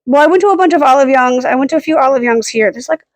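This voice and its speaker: A woman's voice: high-pitched, racing, no room sound. A woman rambling through a casual vlog, self-deprecating and full of "like" and "um" fillers, filming herself at home with the camera held at arm's length. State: hiccuping and burping. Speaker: vlogger.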